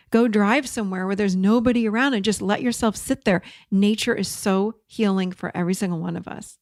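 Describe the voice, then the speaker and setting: A middle-aged woman hosting an encouraging self-help talk, direct and warm, repeating words for emphasis. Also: mid-range voice, gravelly, no room sound, studio quality. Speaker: host.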